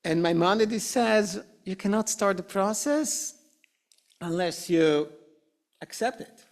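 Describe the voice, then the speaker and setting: A middle-aged man teaching an adult class in a synagogue classroom, animated and acting out quoted excuses. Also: high-pitched, takes it slowly. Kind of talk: classroom lecture.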